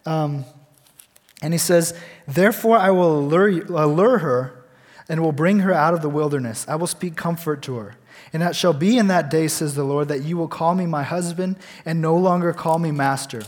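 A young man speaks in a casual, earnest way, often stopping and restarting his sentences as he reads verses and shares his own story. His voice sits a little high for a man. The recording carries a long, lingering reverb. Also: normal speed. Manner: earnest, rambling, with many restarts and fillers. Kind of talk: casual faith talk with scripture reading.

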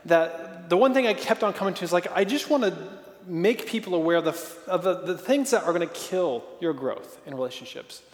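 A man in his thirties preaching a sermon in a casual, animated way, with lots of fillers and acted-out quotes. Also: high voice. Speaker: pastor. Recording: echoey hall reverb.

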